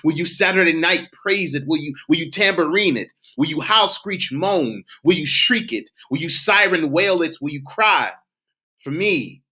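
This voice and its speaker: A man's voice: fairly high pitch, lively intonation, normal speed, pushed and bright, husky. A man performing his own spoken word poetry for a virtual showcase, with a rhythmic, emphatic, cadenced delivery. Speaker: poet. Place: home, virtual showcase submission.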